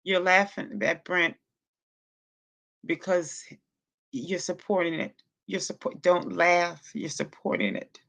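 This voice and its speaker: A woman's voice: on the low side, takes it slowly, gravelly, long pauses, fairly bright tone. A woman hosting a casual livestream, talking straight to her chat and scolding viewers in exasperated bursts, with features in her speech. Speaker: livestream host.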